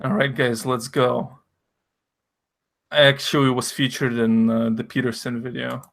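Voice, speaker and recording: A man's voice: mid-range voice, level tone, measured pace, creaky, a bit bright. A man whose first language is Russian, hosting a stream in a rambling, profane, jokey way. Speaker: stream host. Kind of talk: casual stream chat.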